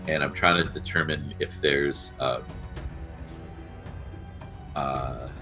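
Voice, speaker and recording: Deep-voiced man playing a tabletop game. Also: fairly even intonation, slow, over music. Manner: hesitant, asking questions. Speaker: player. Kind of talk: casual tabletop play.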